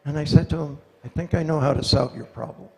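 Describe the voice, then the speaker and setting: A man answering audience questions in a lecture, telling anecdotes in a lively way and acting out the voices he quotes. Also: a little high, fast, creaky. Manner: animated storyteller, acts out quoted voices. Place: lecture hall. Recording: long reverb of a lecture hall.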